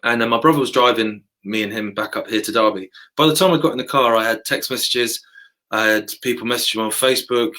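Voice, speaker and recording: A man in casual conversation, talking at a brisk clip. He tells his story with animation, jumping into other people's voices as he goes. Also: medium pitch, bright, forceful tone, poor audio. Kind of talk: casual chat.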